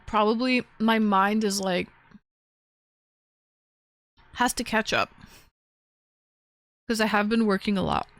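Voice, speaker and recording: Woman streamer, casual chat, slow and drawn out, coos at her dogs in a high voice. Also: fairly bright tone, no echo. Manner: talks to her chat, with profanity.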